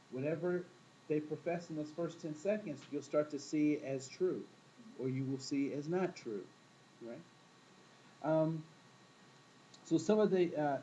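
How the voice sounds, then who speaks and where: A man's voice: fairly high pitch, warm tone, dull audio, a little hiss or hum. A man teaching a class in a casual, storytelling way, often asking the room questions and acting out quoted voices. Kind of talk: classroom talk to students.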